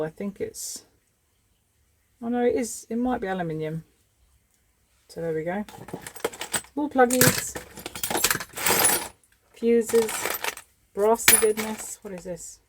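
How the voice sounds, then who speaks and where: Unhurried woman sorting scrap. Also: lowish voice, noisy background. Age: 30s. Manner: chatty, thinks aloud, unhurried. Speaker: scrapping vlogger. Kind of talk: casual commentary while sorting scrap.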